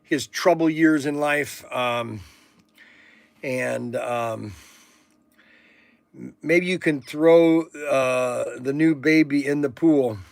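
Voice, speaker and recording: Speaking very slowly in a creaky, mid-range voice with long pauses, this middle-aged livestream host talks from a warehouse with no echo around him. His rambling, casual chat is full of folksy stories, fillers and false starts.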